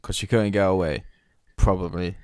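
A young man co-hosting a podcast, ranting through stories in thick street slang and constant swearing. His voice sits fairly low and is recorded close and dry, with no room sound. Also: steady tone, moderate pace, darkish tone, clean tone, no room sound. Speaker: podcast co-host. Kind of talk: casual podcast banter.

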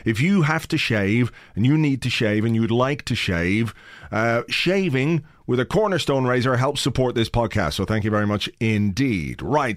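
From his home office mic, a man hosts a podcast, chatting casually and rambling, with comic asides and plenty of swearing. His voice is medium in pitch. The audio is studio quality with no room sound.

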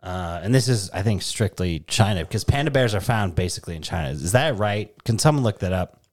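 Deep-voiced New England man, swearing and joking. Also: brisk. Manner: profane, joking, animated rants. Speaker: podcast co-host. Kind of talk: casual podcast chat.

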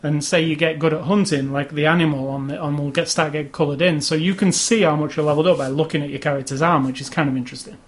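A man's voice: fairly high pitch, steady tone, fast talker, few pauses. A man co-hosting a casual chat about video games, rambling along with restarts and fillers. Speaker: podcast co-host.

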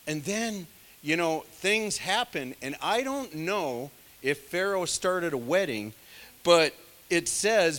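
Man, casual sermon, digressive storyteller, self-deprecating, higher-pitched, forceful tone. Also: expressive, takes it slowly, big-room sound. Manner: many fillers, conversational asides. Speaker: bible study leader.

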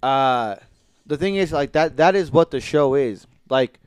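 A man's voice: mid-range voice, lively intonation, measured pace, clear, resonant tone, dry recording, clean studio sound. A man in casual podcast chat about TV shows, rambling with many fillers and restarts and swearing casually.

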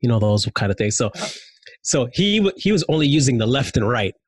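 A man telling stories in casual chat, animated and slangy, with many fillers. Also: mid-range voice, brisk, husky, no echo.

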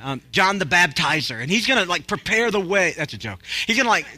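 A man's voice: sits high, big pitch swings, brisk, bright, forceful tone, no echo. A man preaching a conversational sermon as a pastor, joking and acting out quotes as he goes.

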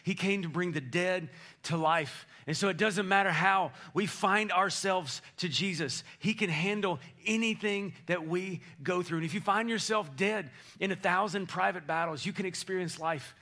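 A male pastor preaching an energetic, playful sermon, rallying his congregation in a church. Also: sits high, normal speed. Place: church sanctuary.

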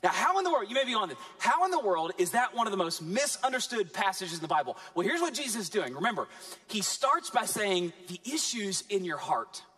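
A man preaching a sermon as pastor, animated, with dramatic pauses and emphatic build-ups. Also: high-pitched.

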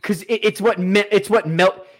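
A man co-hosting a podcast in casual comedic chat. He delivers absurd jokes in a deadpan way and swears. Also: high voice, moderate pace, a crowd in the background. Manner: deadpan absurd joking, profane. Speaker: podcast co-host.

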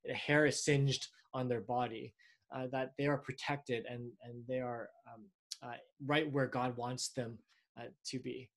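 A man preaching a sermon in a conversational way, often pausing and restarting. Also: medium pitch. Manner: conversational, with frequent fillers and restarts.

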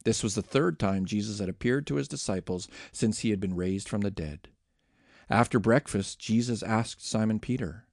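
A man giving an expressive, dramatic reading of scripture aloud. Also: fairly low pitch, moderate pace, creaky, no echo, clean studio sound. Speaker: scripture reader.

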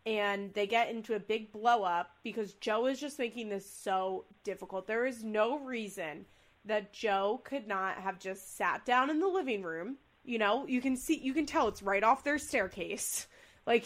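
A woman's voice: on the high side, a bit bright. A young woman co-hosting a podcast, chatting casually and acting out quoted lines with big voices. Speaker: podcast co-host. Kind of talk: casual chat recapping a reality show.

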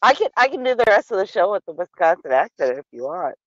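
A woman chatting casually as a podcast co-host, playful and quick to laugh, sometimes slipping into a mock regional accent. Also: medium pitch, very animated, no echo. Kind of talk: casual chat. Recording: dry, dull lo-fi sound.

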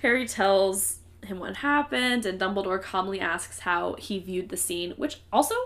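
Casual woman co-host, chatty and meandering, mid-pitched voice. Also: normal speed, a bit bright. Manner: chatty, filler-heavy, trails off mid-thought. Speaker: podcast co-host. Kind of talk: casual chat, recapping a book.

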